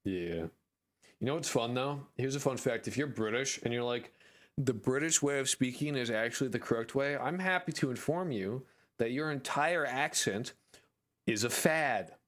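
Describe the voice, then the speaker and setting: A man's voice: mid-range voice, animated, moderate pace, a bit bright. An American man chatting on a live stream, rambling and jokey, with crude language. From United States. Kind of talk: casual live-stream chat.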